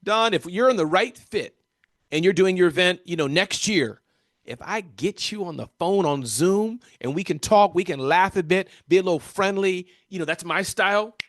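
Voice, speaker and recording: An energetic American man giving animated interview answers as a keynote speaker, often addressing the interviewer by name. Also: sits high, moderate pace, no room sound, clean studio sound.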